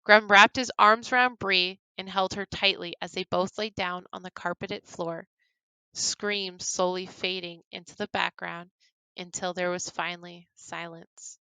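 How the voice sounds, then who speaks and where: A woman reading her own horror story aloud, turning hushed and grave in the dark passages. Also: lowish voice, fairly even intonation, unhurried, clear, resonant tone, no room sound, poor audio. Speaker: horror story writer and reader.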